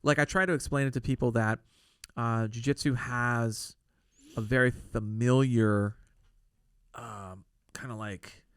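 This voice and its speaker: A man's voice: medium pitch, fairly even intonation, measured pace, clean tone, no room sound, studio quality. A man hosting a podcast interview, a veteran who talks earnestly and stops often to search for his words. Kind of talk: casual interview chat. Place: podcast studio.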